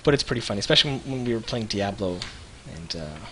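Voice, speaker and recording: A man in his thirties, co-hosting a livestream, telling rambling animated stories with lots of restarts. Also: fairly low pitch, fast talker, a little hiss or hum, rough recording. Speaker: web show co-host. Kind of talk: casual livestream chat.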